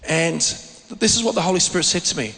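Male preacher, storytelling sermon, slightly higher voice, long hall reverb. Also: fast talker, vocal fry. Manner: animated storytelling with frequent restarts.

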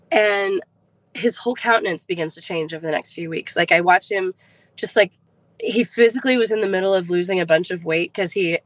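A woman's voice: on the low side, no room sound, low-quality recording. A middle-aged woman, a podcast guest, telling a heartfelt personal faith story and retelling conversations along the way.

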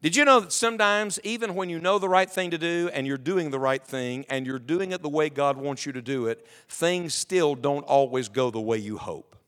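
A man's voice: on the high side, normal speed, few pauses, a bit bright, clean tone. A male pastor preaching a sermon to his congregation, reading scripture aloud and asking the room emphatic questions. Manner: reads scripture aloud in King James wording. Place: church sanctuary with congregation.

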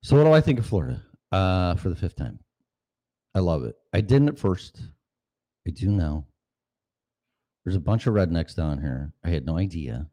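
Lively, low-voiced Chicago man, sarcastic profane vlogger rambling off the cuff. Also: moderate pace, long pauses. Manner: profane, sarcastic, jumps between jokes and voices. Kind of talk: casual rambling monologue.

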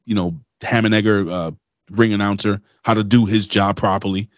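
A man's voice: lowish voice, steady tone, normal speed, no room sound, highs cut off. Profane, rambling man on a podcast. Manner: loose, profane, rambling storyteller. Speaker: podcast co-host. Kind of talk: casual wrestling podcast chat.

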